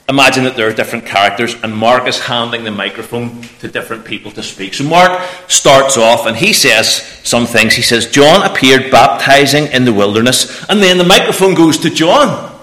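A man preaching a lively children's talk in church, asking the children questions. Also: mid-range voice, moderate pace. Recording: echoey church room.

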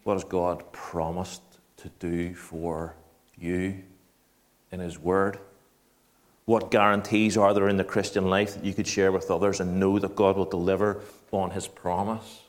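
A man preaching a sermon, animated and shifting between quiet earnest talk and loud mocking asides. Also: low voice, measured pace.

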